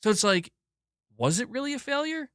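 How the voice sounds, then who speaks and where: A man hosting a gaming news livestream, ranting emphatically with lots of swearing, swinging from loud bursts to muttered asides. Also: very high-pitched, sing-song, fairly quick, no echo, clean studio sound. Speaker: gaming news channel host. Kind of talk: livestream commentary rant.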